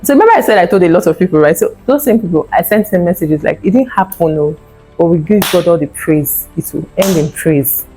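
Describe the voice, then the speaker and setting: A woman's voice: lowish voice, expressive, brisk, dark tone, soft background music, rough recording. A woman in her thirties telling her personal fertility story in an earnest, emotional way. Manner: earnest, emotional retelling with acted quotes. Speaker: vlogger sharing a fertility testimony.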